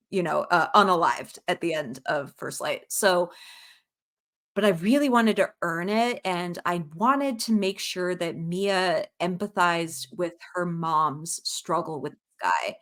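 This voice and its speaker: A woman's voice: lowish voice, a bit bright. A woman author chatting casually on a podcast, talking reflectively with frequent fillers. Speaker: author guest.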